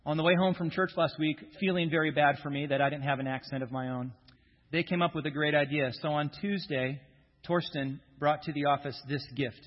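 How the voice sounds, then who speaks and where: A man's voice: on the high side, fairly even intonation, a little fast. A man preaching a sermon as pastor in a church sanctuary, joking with the congregation before reading scripture. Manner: jokey, self-deprecating banter with the congregation. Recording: dull sound with long hall reverb.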